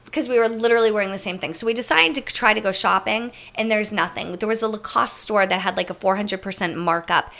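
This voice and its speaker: A woman co-hosting a travel podcast, telling stories in a lively, chatty way and speaking straight to her listeners. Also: medium pitch, quick pace, gravelly, few pauses. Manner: animated storyteller, addresses listeners directly. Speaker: podcast co-host. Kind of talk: casual travel story chat.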